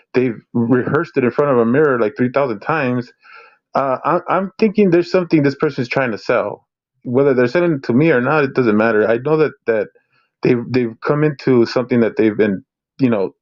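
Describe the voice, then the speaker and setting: A man talks through a casual reaction commentary, circling back and repeating words as he builds his point. His recording sounds dull and lo-fi. His pitch sits in a middle range. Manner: rambling, repeats words, laughs often. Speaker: co-host reacting to videos.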